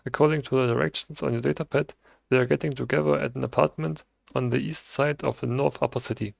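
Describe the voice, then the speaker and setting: Gravelly-voiced man reading game dialogue. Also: mid-range voice, steady tone, fast talker, no room sound. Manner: reads dialogue options aloud, casual. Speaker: gameplay streamer. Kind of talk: casual let's-play commentary.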